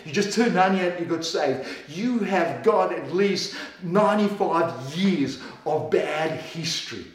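Aussie preacher guy, highish voice, repeats himself for emphasis, way back from the mic in a big echoey church. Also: expressive, measured pace, few pauses. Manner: emphatic, repeats words, swings from loud to hushed. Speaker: pastor. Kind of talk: sermon. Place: church service. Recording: echoey church hall from far off.

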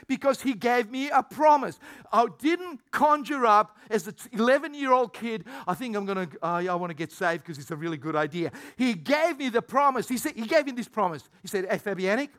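A high-pitched man preaching a lively sermon. He acts out the voices he quotes and swings from shouts to low, quiet asides. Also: normal speed, few pauses. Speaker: pastor.

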